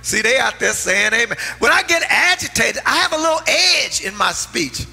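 A middle-aged man, a pastor preaching a sermon and telling stories, swinging from loud outbursts to hushed asides. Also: very high-pitched, sing-song, moderate pace, gravelly, breathy edge. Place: church sanctuary. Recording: long hall reverb, faint music.

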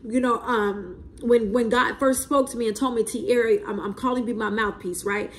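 Woman, prophetic preacher, slightly high voice, repeats okay and right. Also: steady tone, normal speed. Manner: repetitive, emphatic, asks okay and right often. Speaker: self-described prophet.

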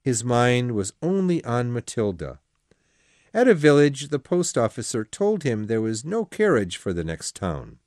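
A man's voice: mid-range voice, big pitch swings, measured pace, a little mellow, dry recording, studio quality. A man reading a classic novel aloud as an audiobook narrator, telling the story expressively.

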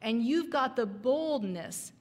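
A woman teaching a Sabbath School lesson, telling a story and preaching with earnest, dramatic pauses in a church. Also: fairly high pitch, lively intonation, a little mellow, in a large hall. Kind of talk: storytelling sermon. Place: church hall.

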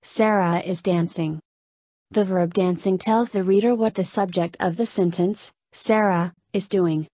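Mellow, slow-reading woman teacher. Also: fairly low pitch, steady tone, dry recording. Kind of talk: scripted lesson narration.

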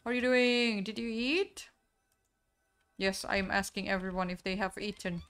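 A woman's voice: medium pitch, moderate pace, a bit bright, smooth, faint music behind. A young woman streaming a game, chatting casually with her viewers, reading out chat and apologizing often. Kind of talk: casual live-stream chat while gaming.

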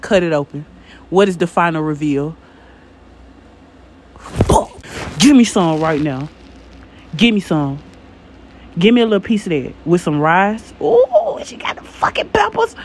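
A woman's voice: fairly low pitch, animated, measured pace, long pauses, darkish tone, slight background noise. A woman giving a comic reaction voice-over, profane and exclamatory, teasing the person on screen. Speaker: reaction commentator.

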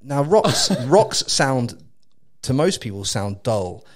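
A man from England with an English accent, hosting a casual chat and telling an animated, laugh-filled story with lots of swearing and restarts. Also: medium pitch, slow. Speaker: podcast host.

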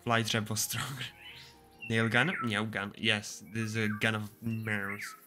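A man's voice: fairly low pitch, flat delivery, slow, over music. A young man streaming a game, chatting casually with crude jokes and frequent laughter. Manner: joking, crude, laughs often. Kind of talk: casual gaming stream chat.

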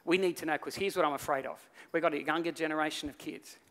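A male pastor preaching a sermon, telling stories with lively acted-out voices. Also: fairly high pitch, fast. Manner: animated storytelling, acts out voices in the story. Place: church hall. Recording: reverberant church hall.

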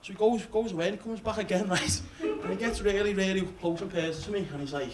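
A man with a Liverpool accent doing deadpan, cheeky live stand-up on a club stage with a handheld mic, bantering with the crowd. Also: sits high, quick pace. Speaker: stand-up comedian. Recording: live club recording with loud room noise.

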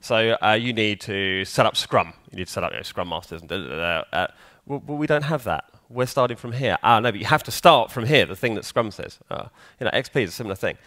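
A man's voice: lowish voice, lively intonation, quick pace, few pauses, sharp tone, no room sound, studio quality. Chatty man quizzing a conference audience. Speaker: conference speaker. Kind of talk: conference talk. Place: conference hall.

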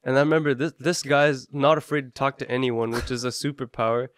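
A young man, a podcast guest chatting in a relaxed, laid-back way. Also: medium pitch, quick pace, no echo, studio quality. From Canada. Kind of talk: casual chat.

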